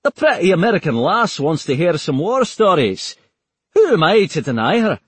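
A man's voice: sits high, big pitch swings, normal speed, slightly rough, no room sound, pitched above the performer's own voice, full character voice. A man putting on a brash Scottish soldier. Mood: cocky. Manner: cheeky, brash banter. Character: gruff Scottish male soldier, cocky.

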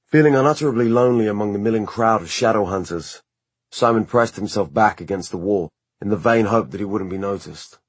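A man reading an audiobook in a measured, even narration style. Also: fairly low pitch, breathy edge, no room sound.

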